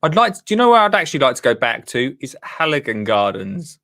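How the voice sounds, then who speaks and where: A man talks in a bright, sharp voice on a casual chat show. His pitch swings widely as he teases his co-host and laughs easily, and the sound is dry and close. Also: big pitch swings, quick pace, no echo. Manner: matey, teasing, laughs easily, says "mate" a lot.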